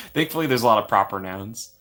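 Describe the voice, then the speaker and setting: Streaming casually from his home, this young man jokes at his own expense and reads viewers' chat messages aloud with a playful, self-mocking air. His fairly low voice is expressive and fairly bright, and he speaks fairly quickly.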